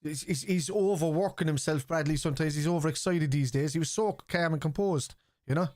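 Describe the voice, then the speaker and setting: This one's a fairly high-pitched man talking a little fast. He's middle-aged and chatty, reacting to the match during a football watchalong stream, reading out chat messages and growing excitable at key moments.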